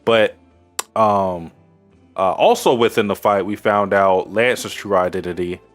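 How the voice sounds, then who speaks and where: Low-voiced man rambling through an anime recap. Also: measured pace, faint music behind. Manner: rambling, crude jokes, many fillers. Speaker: podcast co-host. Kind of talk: casual anime recap chat.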